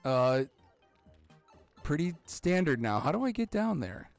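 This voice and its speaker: Let's-play host, man, 30s, gravelly, excitable and profane, faint game music behind. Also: a little high, unhurried. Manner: excitable, swears a lot, rambling with sudden yelps. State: out of breath. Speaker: gaming channel host.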